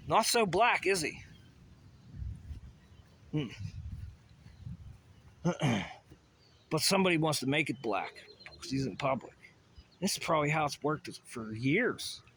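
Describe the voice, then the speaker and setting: A man delivers a rambling, agitated monologue, swearing freely and jumping between asides. His voice sits a little high for a man. A faint hiss of noise runs under the recording. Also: animated, takes it slowly, pauses often, a bit bright. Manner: profane, agitated ranting with many asides. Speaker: vlogger.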